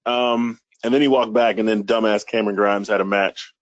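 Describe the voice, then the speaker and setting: Rambling, profane podcast co-host. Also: male voice, lowish voice, steady tone, normal speed, lo-fi sound. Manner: rambling, profane, recaps with quoted bits. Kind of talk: casual podcast chat.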